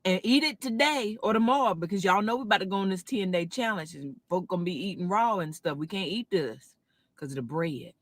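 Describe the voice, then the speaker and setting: A woman in her car, chatting into her phone and reviewing a sandwich, with a drawn-out, preacher-like cadence. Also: mid-range voice, no echo, studio quality. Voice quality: animated southern-style preacher cadence, drawn-out exclamations. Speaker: food video creator. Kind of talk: casual selfie video review.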